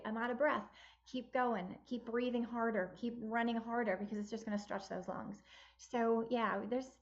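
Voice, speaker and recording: Woman, about sixty, guest on a podcast, upbeat and emphatic, a bit dull-sounding line. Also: on the high side. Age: around 60. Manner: emphatic, upbeat motivational talk. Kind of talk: casual interview chat.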